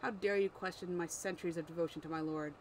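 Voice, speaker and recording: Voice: medium pitch, fairly even intonation, fast, slight background noise, natural voice, rough recording. A reader voicing Sari, a haughty eyeless demon. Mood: furious. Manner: haughty, scornful, easily wounded. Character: proud ancient female demon servant, eyeless, horned. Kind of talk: amateur story read-aloud while editing.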